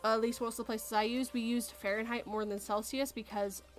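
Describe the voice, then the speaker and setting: A woman's voice: a little high, steady tone, brisk, soft background music. A Canadian woman hosting a casual podcast chat, rambling through explanations and laughing often. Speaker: podcast host.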